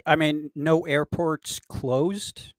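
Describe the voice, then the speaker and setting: A man from Norway with a nearly American accent, chatting casually with frequent pauses and restarts. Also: fairly high pitch, fairly even intonation, no echo. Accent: American-sounding English. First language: Norwegian. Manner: hesitant, many "uh"s and restarts. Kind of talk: casual chat.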